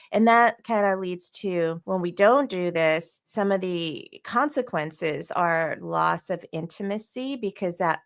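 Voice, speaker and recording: A woman co-hosting a podcast, explaining relationship ideas in a thoughtful, conversational way with light laughs. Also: lowish voice. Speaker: podcast co-host.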